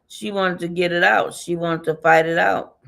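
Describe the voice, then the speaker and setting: A woman's voice: fairly low pitch, fairly even intonation, measured pace, gravelly, a bit bright. A woman giving a casual spiritual reading, rambling and repetitive, often laughing and muttering to herself. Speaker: tarot and numerology reader.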